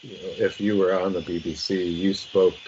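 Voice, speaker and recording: A very deep, flat man's voice explains at a measured pace in a podcast chat, pausing with ums. The sound is muffled, with steady noise clearly heard behind him.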